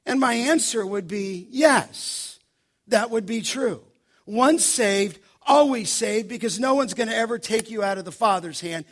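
Emphatic high-voiced male preacher. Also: lively intonation. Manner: emphatic preaching with slow stressed phrases. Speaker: pastor. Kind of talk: sermon.

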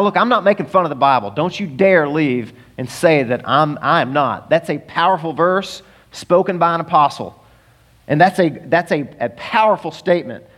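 A middle-aged male pastor delivering a sermon in a loose, conversational way. His pitch sits a bit higher than most men's, and his voice swings widely as he acts out little quoted exchanges. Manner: conversational, animated storytelling with acted-out quotes.

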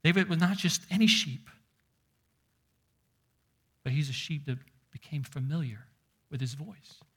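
A man preaching a sermon, emphatic, slowing down and dropping to a near whisper to stress points. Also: fairly high pitch, fairly bright tone, slightly rough.

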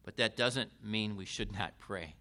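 A man preaching a sermon in a deliberate way, with emphatic rises and falls. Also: on the low side, pushed and bright.

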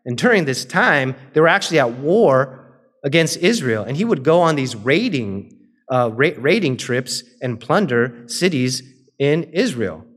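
A man preaching a sermon in a relaxed, conversational way. He retells old scripture stories in plain modern talk and briefly acts out the characters. His voice sits at a middle pitch. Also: breathy edge. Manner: retells scripture in casual modern speech, acting out quoted characters; slows and softens into a quiet, drawn-out litany near the end.

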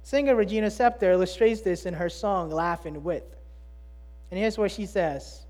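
A preacher giving a sermon in a mid-pitched voice, pressing hard on key words. The delivery keeps rising into pointed rhetorical questions and then dropping to a hush. It sounds earnest and driving. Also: moderate pace. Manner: emphatic, asks rhetorical questions, swings between loud and hushed.

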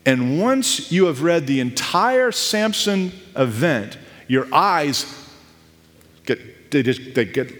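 A man in his thirties preaching a sermon, telling stories in a conversational, animated way with asides. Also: medium pitch. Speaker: pastor. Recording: echoey hall with long reverb.

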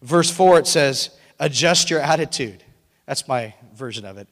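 Energetic pastor preaching in a reverberant hall. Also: male voice, medium pitch, normal speed. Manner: animated, breaks into excited shouting and laughter. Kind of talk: sermon. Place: church sanctuary.

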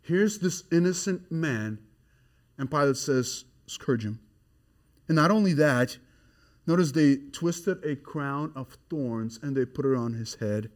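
A man preaching an expository sermon, swinging from hushed, grave passages to loud, excited emphasis. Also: fairly high pitch, unhurried.

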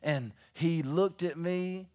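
A man preaching a sermon, telling stories and swinging from hushed, reflective talk to loud, urgent exhortation. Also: on the high side, slow pace. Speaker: pastor.

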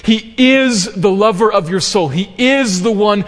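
Earnest preaching man, slightly high voice. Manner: earnest, emphatic preaching with slow stressed phrases. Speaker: pastor. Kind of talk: sermon. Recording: long hall reverb.

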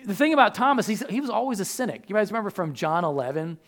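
A man preaching a sermon as a pastor, animated and joking, acting out the voices of biblical figures. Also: sits high, fast.

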